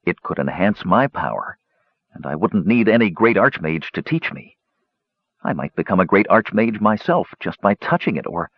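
An anxious young mage pleads earnestly in a storybook reading, voiced by a man. His husky voice rises and falls widely. The recording is dull and dry. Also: low voice, very animated, moderate pace, no echo, full character voice. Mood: musing. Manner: urgent, earnest.

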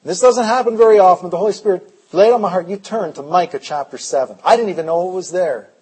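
A male preacher giving an impassioned sermon at a conference, dropping low and quiet, then rising loud and urgent. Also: fast talker, husky, rough recording. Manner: impassioned, swings from hushed to loud. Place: conference hall.

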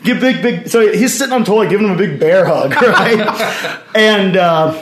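A man's voice: sits high, moderate pace. A man with a slightly raised voice tells stories as a podcast guest. He speaks with energy, breaks into the voices of the people in his anecdotes and laughs as he goes. The room leaves a noticeable echo on his voice. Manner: animated anecdotes, acts out others' lines, laughs while telling. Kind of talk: storytelling in casual conversation. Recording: roomy echo.

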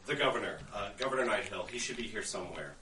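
A man running a tabletop game as game master, narrating in a relaxed way with many fillers. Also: on the low side, fast, echoey room, far from the mic, a little hiss or hum, low-quality recording.

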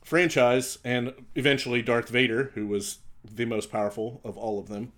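A man co-hosting a casual podcast, explaining a story calmly and laughing easily. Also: mid-range voice, moderate pace. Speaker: podcast co-host.

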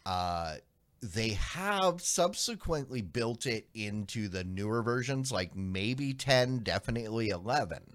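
A man co-hosting a tech podcast in casual chat, explaining the background of a news item with frequent pauses and restarts. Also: fairly low pitch, lively intonation, a bit bright. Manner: explanatory, hesitant, many ums and restarts. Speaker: podcast co-host.

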